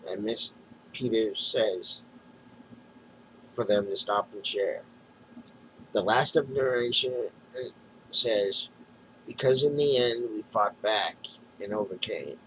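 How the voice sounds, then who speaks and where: A man with a somewhat low voice walks through a comic issue, reading narration boxes and speech bubbles aloud. He stumbles and restarts now and then. A faint background hum sits under the recording. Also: a little slow, pauses often, fairly bright tone, low-quality recording. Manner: recounting panels in plain retelling, with mumbled restarts. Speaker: comic book reviewer.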